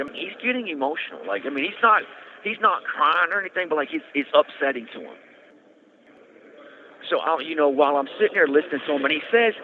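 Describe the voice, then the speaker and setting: Man telling his story over a tinny prison phone. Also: mid-range voice. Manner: earnest, conversational, repeats and restarts. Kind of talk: casual storytelling. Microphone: prison phone handset. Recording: tinny phone line with faint noise.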